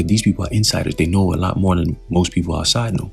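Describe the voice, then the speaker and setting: A man's voice: low-pitched, fairly even intonation, fast talker, gravelly, slightly rough, faint music behind. A man teaching scripture in a loose, talkative way, often putting questions to the listener.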